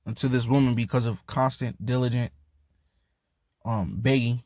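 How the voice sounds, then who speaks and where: A man's voice: medium pitch, unhurried, pauses often, a little mellow, dry recording. A man teaching from the Bible in a loose, casual street-talk way, often chuckling and tacking "man" onto his sentences. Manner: loose and slangy, repeats "man", laughs often.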